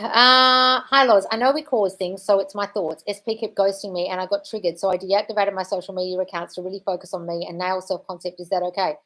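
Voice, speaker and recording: She talks fast with hardly any pauses, her voice on the low side, level and darkish. As a manifestation coach hosting a live Q&A, she reads chat questions and replies bluntly, swearing and calling people darling.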